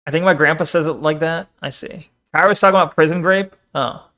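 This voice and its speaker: A man's voice: fairly high pitch, a little fast, a bit bright. A man streaming and chatting casually, reading chat, swearing often and rambling between topics.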